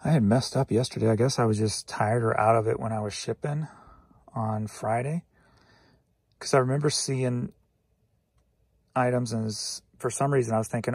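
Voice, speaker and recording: Tired man, husky, self-mocking, rambling casual vlog. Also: mid-range voice, steady tone, moderate pace, long pauses, darkish tone, dry recording. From St. Louis, Missouri. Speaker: reseller vlogger.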